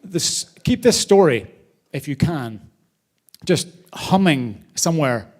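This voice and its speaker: At a charity gala, a man hosts from a theater stage and speaks to the crowd in a live event speech at an ordinary pitch. He's an energetic storyteller who varies his loudness, getting loud for punchlines and going soft for thank-yous.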